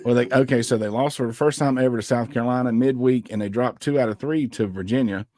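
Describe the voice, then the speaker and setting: A man's voice: mid-range voice, fast, a crowd in the background. A man co-hosting a casual sports podcast, upbeat and chatty, running through news and show announcements. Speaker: podcast co-host.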